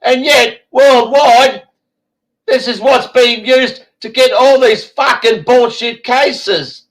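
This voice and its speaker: High-pitched ranting Australian man. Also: steady tone, takes it slowly, poor audio. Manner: swears heavily, blunt and ranting. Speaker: show host. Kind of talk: heated ranting talk show.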